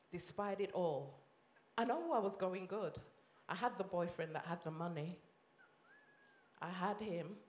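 A woman minister from Leeds with a Yorkshire accent, giving an impassioned sermon testimony that swings between loud and hushed. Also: on the low side. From Leeds, England. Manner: impassioned, rises and drops sharply in volume. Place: church or conference hall. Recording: echoey hall.

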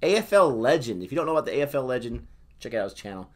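A man's voice: mid-range voice, racing. Joking guy co-hosting a footy reaction vid, voice all over the place. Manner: playful, joking, animated. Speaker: co-host of a reaction channel. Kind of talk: casual reaction chat.

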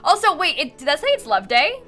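A woman's voice: high-pitched, big pitch swings, a little fast, pushed and bright, soft background music. A young woman streaming a life-sim game from home, chatting with viewers, giggling often and thanking them for subs. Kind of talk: live game stream chat. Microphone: headset.

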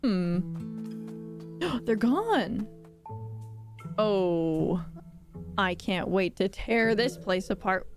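A woman's voice: medium pitch, animated, very slow, pauses often, music in the background. A woman streamer giving casual, giggly, exclaiming commentary while playing a game.

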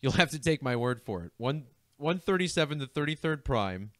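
A man's voice: mid-range voice, big pitch swings, a little fast, fairly bright tone, no room sound. A young man hosting a numerology video, talking casually over a screen share and often breaking into laughter. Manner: giggly, keeps breaking into laughter.

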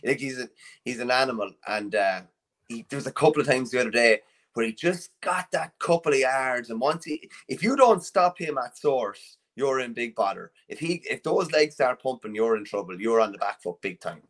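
A man's voice: medium pitch, expressive, moderate pace, fairly bright tone. An Irish man co-hosting a podcast, chatting loosely about a match with plenty of restarts. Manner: rambling, with many restarts and fillers. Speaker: co-host. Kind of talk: casual sports analysis chat.

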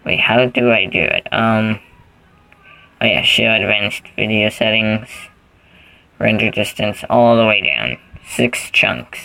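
A man's voice: on the low side, slow pace, vocal fry, bright, forceful tone, rough recording. A man giving casual gameplay commentary, rambling goofily and thinking aloud as he plays. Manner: rambling, goofy, thinks aloud while playing. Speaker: gaming channel host.

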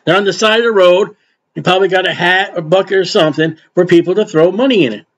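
High-voiced older preacher, dull lo-fi sound. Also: male voice, fast talker. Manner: folksy, acts out quotes, asides. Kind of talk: informal Bible sermon. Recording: dull lo-fi recording.

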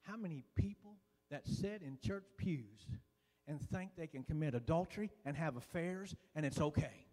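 A man preaching a sermon in a folksy, fervent way, dotting his lines with "uh" and dropping suddenly to a hush. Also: a little high, animated, moderate pace. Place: church sanctuary. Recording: long reverb of a church hall.

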